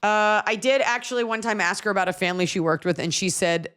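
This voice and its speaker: A woman hosting a comedy podcast, telling stories in animated casual chat and slipping into voices. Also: mid-range voice, quick pace, smooth. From lives in Los Angeles. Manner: animated storyteller, jumps into voices mid-story. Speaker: podcast host.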